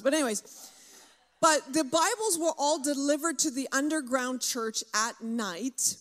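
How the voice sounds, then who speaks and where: A woman with a high voice delivers a sermon. She preaches fervently and slows down to drive key words home. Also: fairly bright tone.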